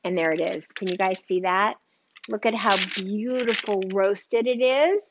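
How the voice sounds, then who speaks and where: A woman hosting a live home cooking stream, gushing over the food and talking straight to her viewers. Her voice sits at an ordinary pitch. The sound is a little dull and lo-fi, like a livestream from a kitchen. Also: a little slow, noisy background. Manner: gushing, enthusiastic, chatty with viewers. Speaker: cooking show host.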